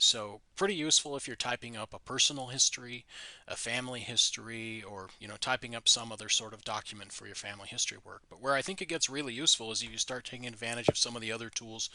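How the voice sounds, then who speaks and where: Man, software tutorial, easygoing explainer, very bright voice, close dry sound. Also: mid-range voice, dry recording. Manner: easygoing, plain explanatory talk with small restarts. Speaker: tutorial presenter. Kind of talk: screen-recorded software tutorial.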